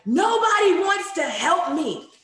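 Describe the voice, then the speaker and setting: A woman voicing a frustrated young girl in a higher, whiny tone. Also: very animated, takes it slowly, fairly bright tone, full character voice. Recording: echoey room.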